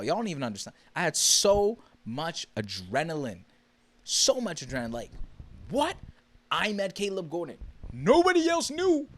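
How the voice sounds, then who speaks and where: A young man from the Bahamas hosting a podcast alone, telling a story in a casual, excitable way with many fillers and restarts. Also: medium pitch. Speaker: podcast host.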